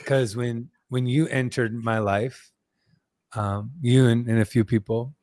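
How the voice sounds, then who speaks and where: A man hosting a podcast, speaking in slow, earnest spiritual musings. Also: medium pitch, steady tone, darkish tone. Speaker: host.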